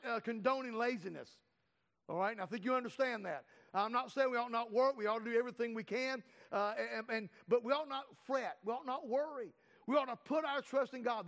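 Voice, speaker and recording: A man with a very high voice preaches a sermon in earnest, stumbling over fillers and restarting phrases. He slows right down whenever he reads scripture aloud. His voice rings with the long reverb of a church hall. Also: a bit bright. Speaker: pastor.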